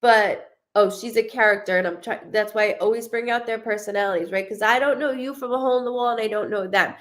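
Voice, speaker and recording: A woman's voice: quick pace, fairly bright tone. A woman psychic medium giving a live-streamed reading, talking in a chatty, rambling, self-deprecating way. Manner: chatty, rambling, self-deprecating, acts out quoted spirits in higher voice.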